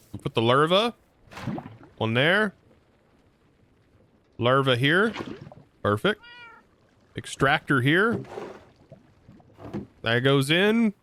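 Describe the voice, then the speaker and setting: A man's voice: mid-range voice, bright, forceful tone, a little hiss or hum. A man livestreaming a game, chatting casually to his viewers as he narrates each move he makes. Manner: chatty, narrates his moves and talks to chat. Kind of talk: live gameplay commentary.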